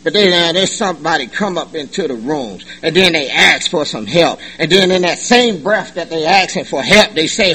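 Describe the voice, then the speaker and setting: Lively laughing man sharing his recovery story. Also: on the high side, moderate pace, hardly any pauses, rough recording. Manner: animated, joking, colloquial, laughs often. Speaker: recovery meeting speaker. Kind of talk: personal testimony at a meeting. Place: meeting room.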